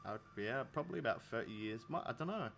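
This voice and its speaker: A man's voice: medium pitch, lively intonation, fast talker, creaky, a bit bright, slight background noise. A man in his thirties from England, rambling casually to his viewers while streaming a fishing game. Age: 30s. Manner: rambling, chatty, laughs often. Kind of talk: casual live-stream chat.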